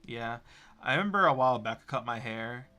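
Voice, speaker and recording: A man's voice: mid-range voice, expressive, brisk, sharp tone. A young man, a game developer, chatting casually with a co-host, teasing and laughing often. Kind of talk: casual chat while working.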